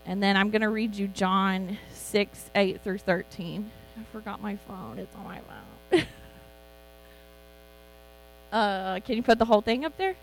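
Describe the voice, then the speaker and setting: A woman's voice: mid-range voice, unhurried, soft background music, rough recording. Chatty woman preaching, mains hum. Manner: chatty, animated, laughs often. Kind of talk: informal sermon.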